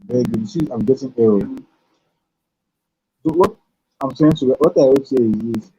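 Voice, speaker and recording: Halting man teaching code, dark muffled voice. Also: medium pitch, a little hiss or hum. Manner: halting, thinks aloud while typing. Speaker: programming tutor. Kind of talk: live-streamed coding lesson. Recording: dull lo-fi stream audio.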